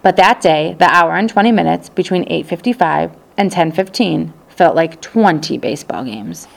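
The narrator of this audiobook is a woman whose tone is rather low with a gravelly grain. She keeps the telling even and steady, unhurried and composed.

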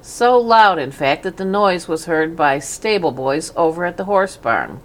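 A woman's voice: lowish voice, animated, measured pace. Woman reading a storybook aloud. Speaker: narrator.

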